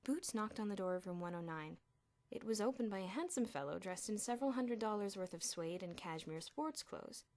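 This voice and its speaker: A woman reading a children's novel aloud as an audiobook, with an expressive delivery. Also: medium pitch, a little fast. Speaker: audiobook reader. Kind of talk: audiobook narration.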